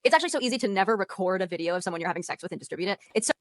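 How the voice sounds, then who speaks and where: A woman's voice: mid-range voice, lively intonation, very fast, no room sound. A woman arguing firmly in a heated debate, repeating her points and pressing her accusations. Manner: insistent, repeats herself, firm accusations. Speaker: debate panelist.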